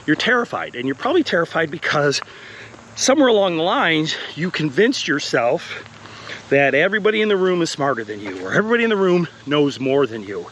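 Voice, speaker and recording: A man's voice: a little high, very animated, a little fast, fairly bright tone. A man who teaches college, talking earnestly and encouragingly while walking an outdoor path, a little out of breath, with plenty of fillers. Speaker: college instructor. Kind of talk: walking vlog talk.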